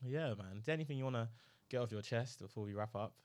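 A young man with a London accent, co-hosting a podcast and telling stories in a lively, slangy casual chat. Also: mid-range voice, quick pace, no echo. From Nigeria and London. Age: young adult. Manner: storytelling, animated and slangy. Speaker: podcast co-host.

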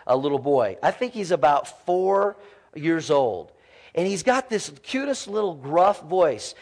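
A man in his forties, a pastor preaching a sermon in an animated, folksy storytelling way with many fillers. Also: sits high.

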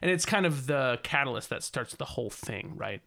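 A man's voice: mid-range voice, expressive, normal speed, creaky, pushed and bright. A man co-hosting a podcast, talking in a loose, rambling, easygoing way and often laughing. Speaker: podcast co-host. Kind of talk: casual chat.

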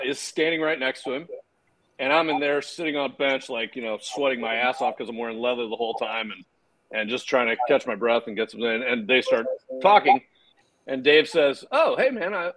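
A man's voice: mid-range voice, moderate pace, rough recording. A man with a mid-range voice is a guest in a casual interview. He tells long, loose stories full of fillers and the odd swear word. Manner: relaxed storyteller, swears casually, trails off with fillers. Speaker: guest filmmaker and actor.

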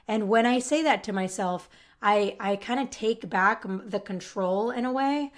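A woman's voice: mid-range voice, moderate pace. Woman, solo podcast host, casual and earnest, reassuring, lots of "right?" tags. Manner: earnest, reassuring, speaks directly to the listener.

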